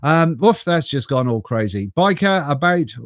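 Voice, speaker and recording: A man's voice: on the high side, big pitch swings, normal speed, no echo, studio quality. Chatty English man on a live stream. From England. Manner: chatty, laughs often, greets viewers by name. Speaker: vlogger reading live chat. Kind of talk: casual live-stream chat. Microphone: desk mic through a mixer.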